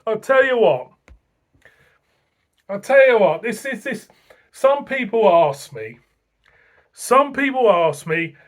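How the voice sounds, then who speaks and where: A man's voice: extremely high pitch, very animated, slow pace, long pauses. A man from Britain gushing in a casual beer review vlog, repeating himself and laughing often. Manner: enthusiastic, repetitive, laughing often.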